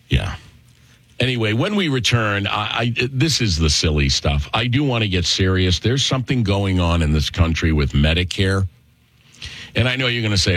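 A lower-voiced man hosts political talk radio, delivering commentary with heavy sarcasm and mocking leaps in pitch. The studio mic sound is close and dry, with no room around it. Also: big pitch swings, normal speed, fairly bright tone, dry recording. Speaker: radio talk show host.

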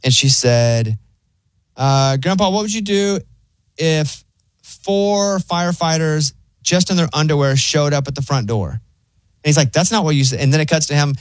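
A man's voice: fairly high pitch, normal speed, no echo. A man hosting casual studio banter, telling stories and mimicking other people's voices.

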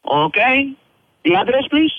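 A man's voice: very high voice, animated, a little slow, gravelly. Spanish-accented man on a phone line. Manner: mixes in Spanish, impatient and blustering. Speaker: restaurant worker on the phone. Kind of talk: phone call.

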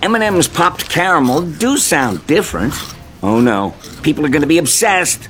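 An actor playing a fretful, worried male candy mascot in an animated ad. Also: a little high, a little hiss or hum. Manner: fretful, quick to alarm. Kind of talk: animated ad acting.

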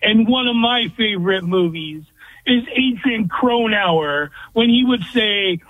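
A man's voice: sits high, lively intonation, measured pace, dry recording. A man calling in to a sports radio show, blunt and opinionated. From California. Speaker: caller. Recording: tinny phone line.

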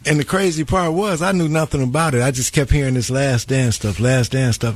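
A man's voice: mid-range voice, fairly quick, hardly any pauses, husky. A man who is a guest and former pro basketball player, talking in a laid-back, slangy way and telling stories as he goes. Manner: laid-back, slangy, "you know what I'm saying". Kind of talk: casual interview chat.

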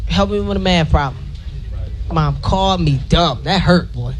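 A man performing stand-up comedy, telling a childhood story in a fast, animated way. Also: fairly high pitch. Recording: live show with crowd and noise.

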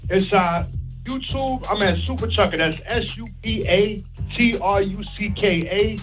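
A man's voice: high-pitched, measured pace, fairly bright tone, soft background music. A man calling in to a radio show, a truck driver who chats and sings his song down the line. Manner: sings a country-style song over the phone. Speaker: caller, truck driver and singer. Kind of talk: radio call-in chat with singing.

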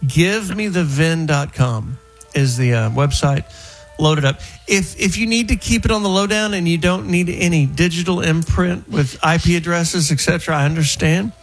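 A man's voice: fairly high pitch, normal speed, faint music behind. A man hosting a call-in radio talk show, chatting loosely with callers and guests, often restarting his sentences. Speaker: radio host.

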